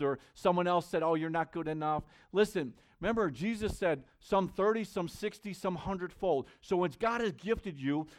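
Man, pastor, sermon, earnest conversational preaching, slightly high voice.

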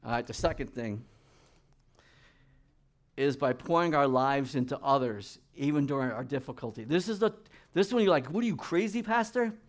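A middle-aged man preaching a sermon as pastor, reading scripture and acting out the people in it in lively voices. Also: medium pitch, moderate pace, long pauses.

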